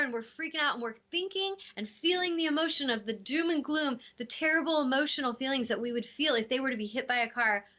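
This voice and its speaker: Bright, animated woman storyteller. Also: sits high, quick pace, few pauses. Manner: animated storytelling, acting out voices in quotes. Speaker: host. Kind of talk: casual spiritual talk.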